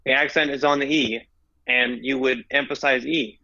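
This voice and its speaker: A young man co-hosting a podcast in casual chat, talking in a hesitant, halting way and often repeating his words. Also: mid-range voice, fairly even intonation, gravelly, sharp tone, muffled recording. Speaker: podcast co-host.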